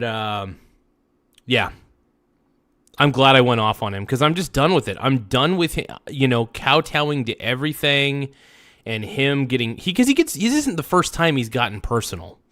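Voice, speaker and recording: A man's voice: medium pitch, animated, moderate pace, fairly bright tone. Heated man ranting on a live stream. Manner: heated, profane, repeats himself, swings between muttering and outbursts. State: upset. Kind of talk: angry live-stream rant.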